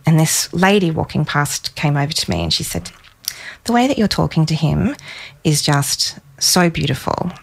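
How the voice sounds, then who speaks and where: A woman in her thirties, a psychologist guest on a podcast, telling a personal story warmly and with emotion. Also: low voice, animated, normal speed, gravelly, breathy edge. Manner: warm storytelling, emotional in places.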